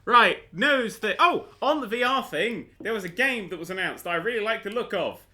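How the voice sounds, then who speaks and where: Animated man hosting a podcast. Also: high-pitched, a little fast. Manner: animated, rambling, swears freely. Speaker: podcast host. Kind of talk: casual chat. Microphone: desk mic, clicky keyboard nearby.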